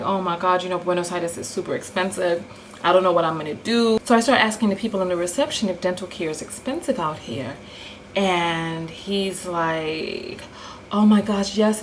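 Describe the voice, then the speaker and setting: A woman telling a story in a casual vlog, animated and full of acted-out quotes. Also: medium pitch, slight background noise, low-quality recording. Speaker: vlogger.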